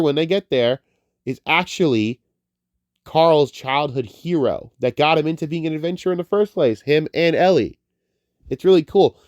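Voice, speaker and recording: A man's voice: a little high, darkish tone, no echo, studio quality. Profane, rambling man reviewing a film. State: getting over a cold. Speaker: movie reviewer. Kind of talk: casual spoken film review.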